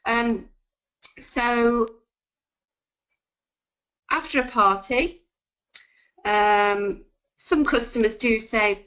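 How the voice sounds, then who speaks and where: A woman's voice: a little high, extremely slow, pauses often, fairly bright tone, smooth. A woman giving sales tips in a webinar, chatty and full of ums and restarts. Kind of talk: webinar talk. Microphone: video call. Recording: dull lo-fi web call audio.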